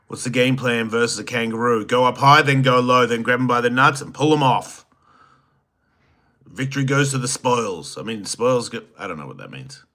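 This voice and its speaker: Hosting a solo livestream, a man with an Australian accent reads chat questions and answers in a crude, teasing, rambling way. His medium-pitched voice is pushed and bright, at normal speed.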